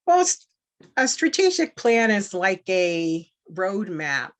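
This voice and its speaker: A woman's voice: mid-range voice, big pitch swings, takes it slowly. A woman candidate giving a campaign speech and then answering questions, earnest and emphatic, hesitating with fillers when unscripted. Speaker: board candidate.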